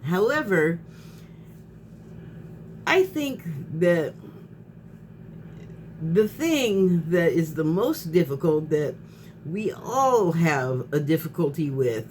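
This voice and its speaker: A woman's voice: fairly low pitch, lively intonation, slow pace, pauses often, a little mellow, slight background noise. A woman vlogger in a casual spoken monologue who rambles, restarts her sentences, laughs often and gets heated.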